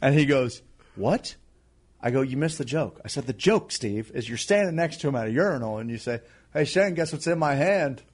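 A man co-hosting a radio talk show, telling a comic story in a wry, self-deprecating way and slipping into quick impressions of the people in it. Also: medium pitch, expressive, slightly rough. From Indiana. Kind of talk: casual comedic storytelling.

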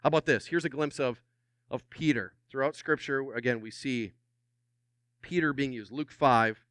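A middle-aged man preaching a sermon as pastor, animated and drawing responses from his congregation. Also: medium pitch, moderate pace, clean tone, no echo, clean studio sound.

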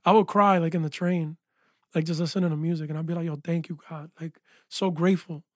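In relaxed interview chat, a guest who produces and engineers music recounts his story fairly quickly in a high-pitched, energetic voice, often saying "yo" and "like." It's a dry, close recording in what sounds like a small studio.

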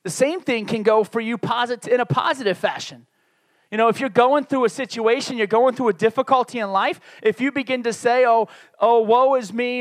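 A man in his forties from the Northeastern United States preaches in a loose, conversational way, poking fun at himself as he goes. His voice sits fairly high for a man. The sound is dry and close, with no room echo. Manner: candid, conversational preaching with self-deprecating asides. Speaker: pastor. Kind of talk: sermon.

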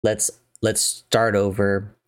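A friendly, conciliatory princess , as a man quotes her in his own low voice. She speaks plainly, with no real character voice, and the sound is dry and close. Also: completely flat delivery, takes it slowly, no echo. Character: princess making peace with her travel companions, woman.

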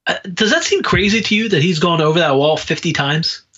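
A man's voice: sits high, animated, brisk, sharp tone. A man co-hosting a podcast in casual chat, agreeable and full of questions. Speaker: podcast co-host. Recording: dull lo-fi mic.

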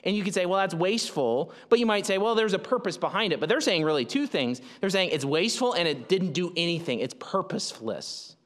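A man's voice: high voice, animated, brisk, few pauses, a bit bright. Man preaching in an echoing hall. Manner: conversational, explanatory, frequent fillers and restarts. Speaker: pastor. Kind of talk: sermon.

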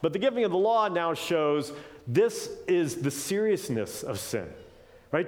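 A man's voice: on the high side, expressive, normal speed. A male preacher giving a conversational Bible teaching, often checking in with "right?" and shifting his pace with energy.

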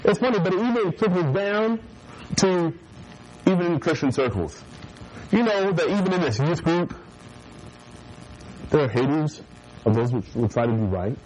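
A man's voice: fairly high pitch, expressive, normal speed, pauses often, a little mellow, slight background noise, low-quality recording. A man preaching a casual, joking sermon to a youth group, often mimicking people and laughing along with his listeners. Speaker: youth pastor.

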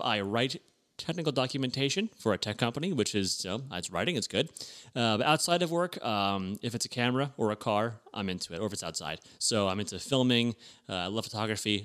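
Easygoing man, low voice, podcast co-host. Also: fairly bright tone. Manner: easygoing, agreeable, quick backchannels. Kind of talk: casual podcast chat.

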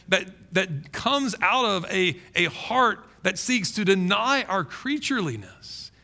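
A man preaching with a high, lively voice that swoops through every phrase. His tone is bright and forceful with a gravelly edge, emphatic and full of quick restarts. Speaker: pastor. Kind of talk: sermon.

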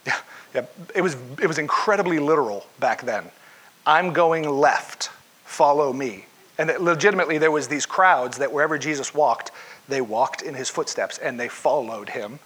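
A man's voice: medium pitch, animated, brisk, fairly bright tone, slightly rough. A male pastor preaching a conversational sermon to his congregation, asking them questions along the way.

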